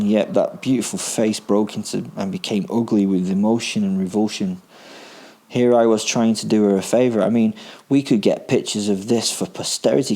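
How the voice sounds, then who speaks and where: Deep-voiced horror narrator. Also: male voice, a little mellow. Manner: dry, darkly comic, matter-of-fact. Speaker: podcast host and narrator. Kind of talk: first-person horror story narration.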